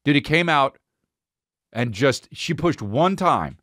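A man hosting a podcast, telling a comic story in an animated, rambling, profane way. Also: mid-range voice, slow, no room sound, clean studio sound. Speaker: podcast host.

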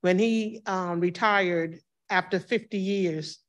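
A woman's voice: on the low side, fairly even intonation, slow, muffled recording. A woman in her fifties, a church member, telling personal memories of her pastor and acting out the dialogue with laughs. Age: 50s. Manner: warm storytelling, acts out dialogue with laughs. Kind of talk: personal testimony at a reading circle.

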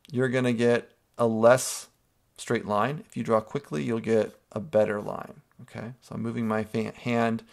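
A man with a gravelly, creaky edge to his voice, pitched at an ordinary middle height for a man. He talks a class through a drawing exercise one step at a time, stopping often to check in with an "okay?". It sounds like a teacher's screen-recorded tutorial. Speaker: art teacher.

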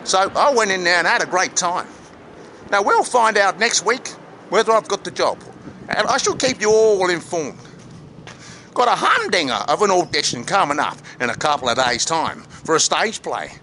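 A man's voice: high-pitched, very animated, moderate pace, pushed and bright, a little hiss or hum, exaggerated voice, rough recording. A man voicing a brash male Australian actor in London, slangy and blunt in a comic spoof vlog.

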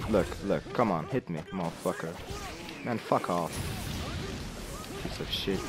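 A man giving live commentary while playing a fighting game, cursing constantly and swinging from low muttering to angry yelling. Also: measured pace, long pauses, over music. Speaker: gamer.

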